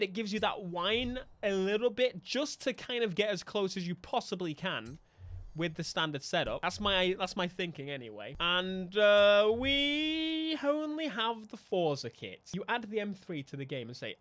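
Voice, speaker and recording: A young man, giving animated, jokey live gameplay commentary as a streamer, with sudden bursts of mock outrage. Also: high voice, moderate pace, dry recording. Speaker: gaming streamer.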